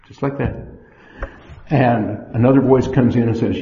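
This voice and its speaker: A man giving a sermon, measured and storytelling, acting out the inner voices he describes. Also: medium pitch, steady tone, mellow. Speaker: church speaker. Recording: echoey hall, dull lo-fi sound.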